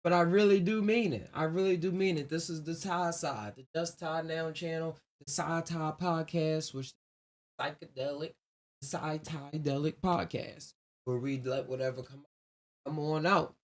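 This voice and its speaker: High-voiced man hosting a rambling podcast. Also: fairly even intonation, moderate pace. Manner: loose, rambling and reflective, laughs often. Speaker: podcast host. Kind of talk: casual solo livestream podcast talk.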